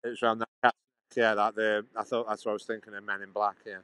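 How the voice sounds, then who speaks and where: A man's voice: fairly low pitch, level tone, fast talker, a bit bright, clear, resonant tone, dry recording, poor audio. A man rambling on a live stream outdoors, chatting back to his viewers. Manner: chatty, meandering, answers chat questions. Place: outdoors in a sunny town.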